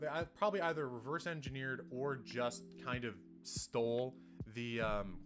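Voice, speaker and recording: A young man chatting casually on a livestream, rambling and swearing as he rants. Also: mid-range voice. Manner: ranting, profane, rambling. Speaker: streamer. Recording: music playing behind.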